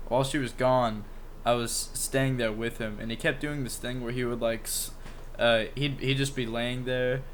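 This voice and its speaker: A man's voice: medium pitch, fairly even intonation, normal speed, few pauses. Rambling young man, faint hiss. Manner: rambling, many fillers and restarts, swears freely. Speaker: podcast co-host. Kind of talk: casual chat.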